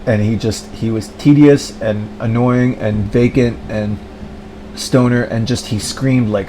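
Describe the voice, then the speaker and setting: A man's voice: medium pitch, steady tone, measured pace, background noise. A man ranting in a rambling monologue, full of filler words and mocking impressions of other people. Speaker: vlogger.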